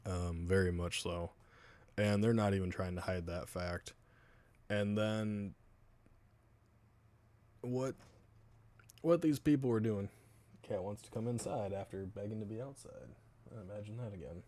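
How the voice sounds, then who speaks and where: A man's voice: lowish voice, measured pace, pauses often, a little mellow. A man streamer chatting casually with his live chat, swearing now and then and laughing often. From United States.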